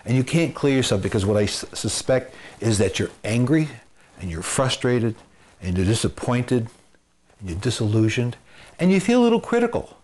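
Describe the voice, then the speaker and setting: A man's voice: medium pitch, big pitch swings, normal speed, darkish tone. A man who works as a marriage and family therapist, giving earnest advice to the camera, repeating phrases for emphasis and using everyday comparisons. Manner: gives homespun comparisons.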